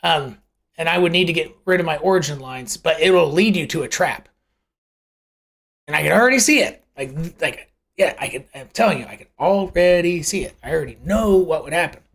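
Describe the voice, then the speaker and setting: This is a host of a live chart analysis show who talks casually and off the cuff. Their voice swings widely up and down in pitch as they throw in homely comparisons and rhetorical questions. They often break off and restart phrases. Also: lively intonation, brisk, gravelly, fairly bright tone. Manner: conversational and rambling, with self-corrections.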